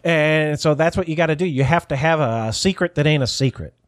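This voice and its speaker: A man hosts a podcast, chatting casually, rambling and cursing as he mocks himself. His voice is on the high side and brisk, with no echo.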